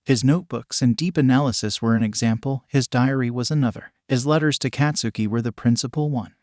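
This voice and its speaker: A man narrating a fan fiction story in a plain, even storytelling read. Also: medium pitch, a little fast, no echo, studio quality. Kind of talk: reading fan fiction aloud.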